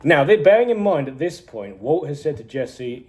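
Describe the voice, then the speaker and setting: Dude with a mellow voice doing a casual show review, laughs and swears a lot. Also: male voice, on the high side, normal speed, few pauses. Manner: animated retelling, swears, chuckles often.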